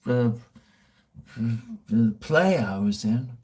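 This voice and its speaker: A man's voice: medium pitch, lively intonation, slow pace, pauses often, darkish tone. A middle-aged Australian man chatting casually, rambling and joking crudely. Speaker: vlogger answering viewer questions. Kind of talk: casual chat.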